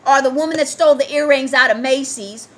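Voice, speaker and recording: Fired up woman venting on a solo video, high voice, keeps asking "you understand me?". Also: fast talker, fairly bright tone. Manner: heated, ranting, asks listeners rhetorical questions. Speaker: commentator. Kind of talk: angry solo commentary video, reading news aloud.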